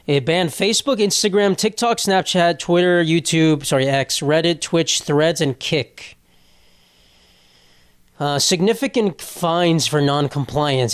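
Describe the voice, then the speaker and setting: A man's voice: a little high, smooth. Rambling, profane young man podcaster. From United States. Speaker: podcast host. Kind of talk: casual solo podcast monologue.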